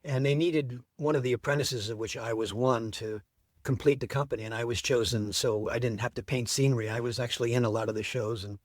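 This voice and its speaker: A middle-aged man telling the story of how he built an event, as an interview guest, with lively enthusiasm. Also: mid-range voice, a little fast, no room sound, clean studio sound.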